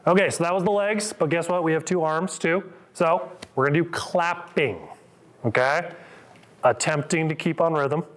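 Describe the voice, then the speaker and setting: A man's voice: a little high, fairly even intonation, normal speed. A middle-aged man, a physical therapist, coaching a live group through exercises with upbeat cues and counts.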